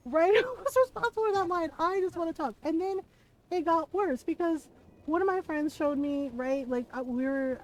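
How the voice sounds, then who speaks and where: Woman game streamer, high voice, animated, laughing, swearing, casual livestream chat. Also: rough recording.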